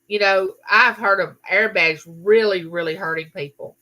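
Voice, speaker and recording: A woman's voice: medium pitch, normal speed, pushed and bright. A middle-aged woman, telling a story in a casual live chat and answering viewers. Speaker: livestream host.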